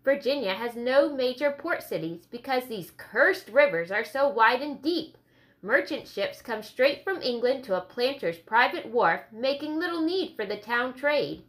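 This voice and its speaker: A woman's voice: a little high, lively intonation, a little slow. A woman voicing a fretful, timid schoolmaster man in an audiobook reading, talking on nervously. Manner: rambling, nervous.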